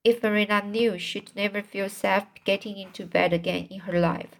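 A woman voicing an earnest young woman who speaks gently but firmly in a storybook reading. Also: medium pitch, fairly even intonation, moderate pace, vocal fry, natural voice.

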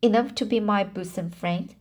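A woman voicing an eager, dreamy young girl in a storybook reading, slow and halting with restarts. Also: mid-range voice, a little mellow, close to an everyday voice.

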